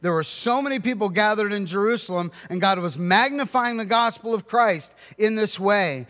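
A male pastor with a high voice delivers an earnest sermon, breaking into storytelling asides. His voice rings out with a long reverb, as in a large hall. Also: normal speed, hardly any pauses, fairly bright tone.

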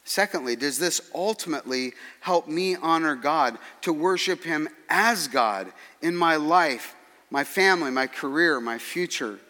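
A man preaching a sermon as pastor, earnest and measured, with dry humorous asides. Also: on the high side, lively intonation, sharp tone, big-room sound.

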